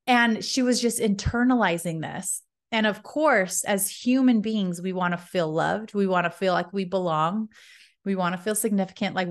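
Chatty woman podcast host in her thirties. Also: mid-range voice. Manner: expressive, chatty retelling with many likes. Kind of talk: casual personal storytelling.

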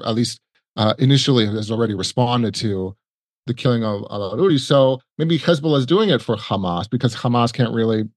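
A man's voice: mid-range voice, no echo. A man as a podcast guest, chatting casually and rambling with many restarts. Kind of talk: casual conversational storytelling.

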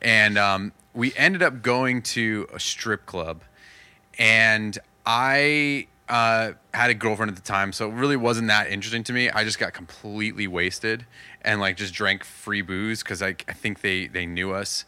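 A man's voice: on the low side, a little slow, pushed and bright, clean tone, no room sound. A man in his thirties telling a candid, rambling story as a podcast guest, laughing often and full of fillers. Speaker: podcast guest, touring musician. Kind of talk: casual storytelling.

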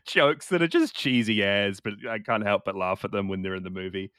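A man co-hosting a casual film chat, relaxed and rambling, laughing along as he talks. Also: fairly low pitch, a little fast, smooth, no echo, clean studio sound. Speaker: podcast co-host.

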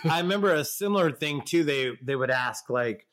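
A man's voice: fairly high pitch, animated, normal speed, a bit bright. A man, a band member, chatting casually as a podcast guest, adding his memories in a laid-back way and swearing casually. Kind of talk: casual chat.

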